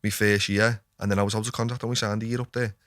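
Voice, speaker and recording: A man's voice: fairly low pitch, little pitch movement, fast talker, fairly bright tone, no echo, studio quality. Sweary Scouse man telling stories. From Liverpool, England. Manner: sweary, tells stories with lots of filler asides. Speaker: podcast guest, footballer. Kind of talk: casual storytelling chat. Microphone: studio podcast mic.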